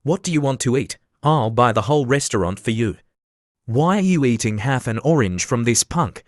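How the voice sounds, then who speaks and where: A man voicing an arrogant, loud rich young man who boasts and insults in a recap story. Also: medium pitch, lively intonation, normal speed, no room sound, clean studio sound, close to an everyday voice. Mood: boastful.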